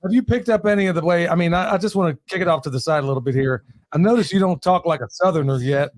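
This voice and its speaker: A man's voice: fairly high pitch, quick pace, no room sound, studio quality. An American man hosting an interview, asking rambling, jokey questions. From United States. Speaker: host. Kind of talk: casual interview chat.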